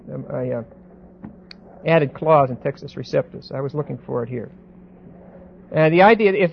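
A man lecturing a Bible class, pausing and repeating words and often checking that students follow. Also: a little high. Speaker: Bible teacher. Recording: dull lo-fi recording with faint hiss.

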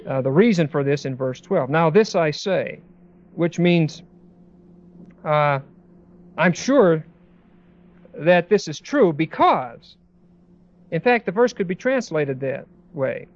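A man preaching a Bible sermon in a conversational way, with many pauses and restarts, as a pastor. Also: fairly high pitch, expressive, highs cut off.

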